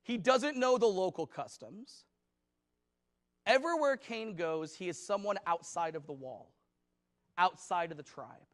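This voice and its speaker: A man's voice: high voice, animated, a little slow, pauses often, a bit bright. A man preaching a conversational sermon as pastor, talking casually and rambling with many fillers.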